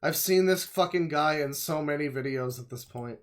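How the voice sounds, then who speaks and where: Male streamer, sarcastic rambling reaction commentary, swears, a bit high. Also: moderate pace.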